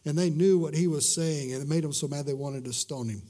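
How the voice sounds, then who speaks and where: A middle-aged pastor with a high voice preaches a sermon. He stumbles over and repeats words, then sinks to a soft, slow hush to stress a line. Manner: swings from loud emphasis to hushed, drawn-out words; repeats words and restarts mid-sentence.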